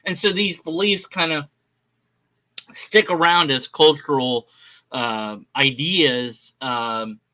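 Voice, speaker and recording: Rambling bright-voiced man vlogging. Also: a little high, slow pace. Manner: rambling, hesitant, lots of fillers and restarts; sarcastic mock-quotes in a raised voice. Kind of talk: rambling casual monologue.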